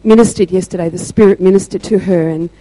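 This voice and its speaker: A woman sharing a church testimony, telling her story slowly and deliberately with emphatic pauses. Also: on the low side, steady tone, dark tone, dry recording, rough recording.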